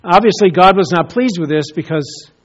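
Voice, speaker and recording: A male pastor delivers a sermon, telling a story in an earnest, storytelling manner. His voice sits somewhat high, and he swings from emphatic peaks down to hushed, solemn passages. The recording sounds dull and lo-fi. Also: expressive, moderate pace.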